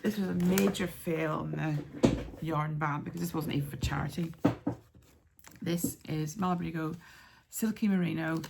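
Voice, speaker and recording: Gravelly-voiced woman chatting about crafts. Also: on the low side. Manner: chatty, with many ums and soft asides. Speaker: craft podcast host. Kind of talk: casual chat showing yarn and patterns.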